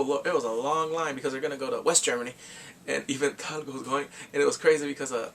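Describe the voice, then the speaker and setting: A man's voice: medium pitch, steady tone, fast talker, gravelly. Chatty man recapping a film, slightly distant. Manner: chatty, rambling, with filler restarts. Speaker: movie reviewer. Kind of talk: casual plot retelling.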